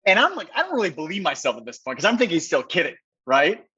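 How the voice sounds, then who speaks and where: A man, a podcast guest, telling a story with excitement in a rambling, conversational way, full of fillers. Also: a little high, quick pace, breathy edge, lo-fi sound. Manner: excited, rambling, heavy use of "like".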